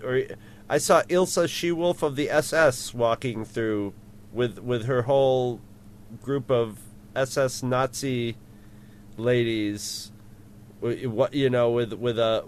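A man's voice: mid-range voice, fairly even intonation, slow pace, slight background noise. A man chatting casually as co-host, rambling through restarts and chuckling at his own remarks. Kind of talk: casual chat.

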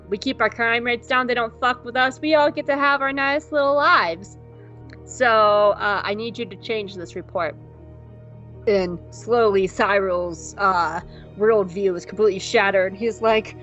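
A woman co-hosting a podcast, casually recapping an episode and acting out the characters in quick mock voices. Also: mid-range voice, a bit bright, lo-fi sound, soft background music. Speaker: podcast co-host.

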